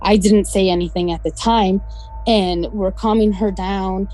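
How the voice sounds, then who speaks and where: A West London woman, appearing as a guest storyteller, recounts a ghost story from her childhood in casual conversation. Her mid-range voice is a little slow, and she animatedly acts out the voices of people she quotes. The recording is low quality, with slight background noise.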